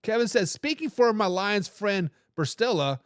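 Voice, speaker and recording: High-voiced man hosting an animated sports show. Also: normal speed, no echo, studio quality. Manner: animated, hype phrases, frequent restarts. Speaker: sports talk show host. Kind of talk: live-stream sports talk, reading viewer comments.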